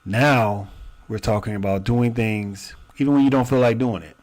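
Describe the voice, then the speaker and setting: Low-voiced man hosting a reaction stream. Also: steady tone, normal speed, a little mellow. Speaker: host reacting to a clip. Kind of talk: commentary over a played clip.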